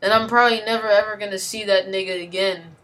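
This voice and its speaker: A woman's voice: medium pitch, steady tone, fast, fairly bright tone. A woman in an angry, heavily profane rant, talking with slang and repeating herself as she vents. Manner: heated, profane, slangy, repetitive. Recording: voice from a distance.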